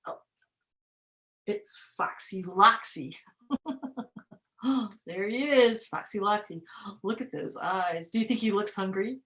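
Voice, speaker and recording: A young woman reading a picture book aloud to children, animated, with gasps, laughs and questions to her listeners. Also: mid-range voice, slow, long pauses. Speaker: museum educator reading to children. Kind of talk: storytime read-aloud.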